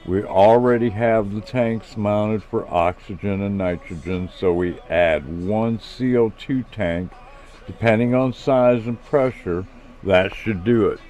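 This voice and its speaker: A man doing a chatty, excitable Australian inventor who loves his slang. He keeps explaining his plans in a steady, low voice at an unhurried pace, a bit louder than the narration, in a self-read storybook. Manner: Aussie slang, explaining at length.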